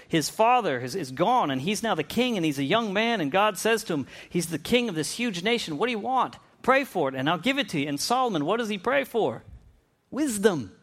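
A man's voice: on the high side, a bit bright. A man preaching a conversational sermon, often restarting phrases and acting out the people in the stories. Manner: conversational, with frequent restarts and acted-out quotes.

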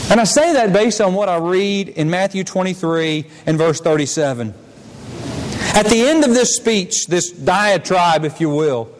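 A man preaching a sermon as pastor, talking earnestly and often repeating words as he builds to a point. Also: high voice. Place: church sanctuary. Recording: long reverb of a church hall with faint noise.

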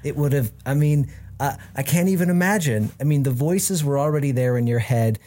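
A man's voice: fairly high pitch, fairly quick, dark tone. A man hosting a podcast, affirming his guest and asking questions in a conversational way. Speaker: podcast host. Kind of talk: conversational interview.

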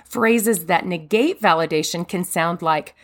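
A woman who is a mother, giving an earnest, emphatic devotional talk with a warm manner. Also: lowish voice, unhurried. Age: adult mother. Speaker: speaker.

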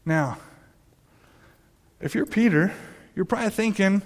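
A man's voice: high voice, animated, moderate pace, pauses often. A man preaching a sermon in a conversational way, often restarting his sentences and acting out quoted voices. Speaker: pastor. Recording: long reverb of a hall.

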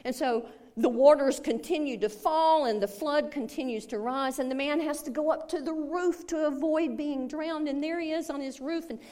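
A woman pastor preaching a sermon, telling a story in a slow, deliberate way. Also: high voice, warm tone.

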